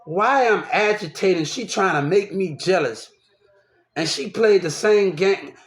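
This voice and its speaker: A man's voice: high-pitched, unhurried. A young man rambling through a personal story, repeating himself and restarting often. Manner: repetitive, restarts often, animated. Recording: roomy echo.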